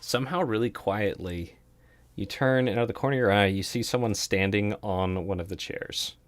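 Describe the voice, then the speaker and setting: A man running a tabletop game as dungeon master, narrating scenes in a relaxed, hesitant way full of fillers. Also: lowish voice, normal speed, dry recording.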